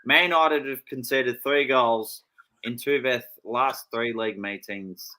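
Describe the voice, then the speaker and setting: Bright-voiced man on a podcast. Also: mid-range voice, unhurried, poor audio. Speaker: podcast co-host. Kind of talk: casual chat and reading player stats. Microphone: online call.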